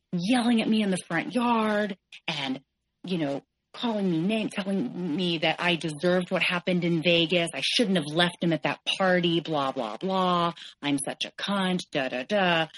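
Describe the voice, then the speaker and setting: A woman in her forties speaks in a low voice. She retells a hard stretch of her life with candor, quoting the people involved. She talks as a podcast guest. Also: brisk, a bit bright, rough recording. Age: 40s. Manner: candid, tense retelling, quotes others in shifting voices. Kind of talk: personal story in an interview.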